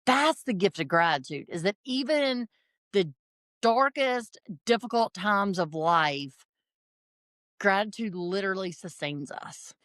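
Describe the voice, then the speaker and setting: A woman's voice: mid-range voice, animated, a little slow, fairly bright tone, dry recording, clean studio sound. A woman guest on a podcast, speaking in an affirming, reflective way in conversation. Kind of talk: supportive conversational chat.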